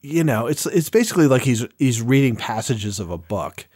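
A man's voice: mid-range voice, lively intonation, normal speed, a little mellow, husky, no room sound, clean studio sound. Rambling man retelling scenes. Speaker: podcast panelist. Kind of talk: casual review chat.

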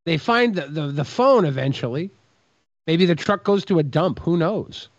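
Sarcastic podcast host man, lively. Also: on the high side, normal speed, no echo. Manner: sarcastic, speculating. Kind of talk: casual chat. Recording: dull lo-fi mic.

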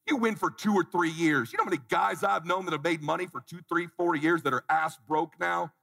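A man's voice: a little high, brisk, creaky, sharp tone, in a large hall. A man in his forties giving a live motivational talk, blunt and challenging, calling on the crowd to answer him. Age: 40s. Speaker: motivational speaker. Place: conference stage before an audience.

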